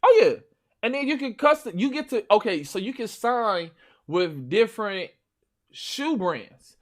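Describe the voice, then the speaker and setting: A man with a Chicago accent, hosting a stream with loud, profane, boastful trash talk about games. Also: high voice, animated, a little slow. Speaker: stream host. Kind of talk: casual gaming chat.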